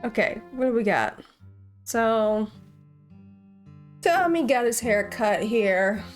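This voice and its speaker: A woman's voice: fairly high pitch, expressive, slow pace, soft background music. A woman hosting a gaming channel, casually commenting and thinking aloud while playing. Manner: chatty, thinks aloud, jokey.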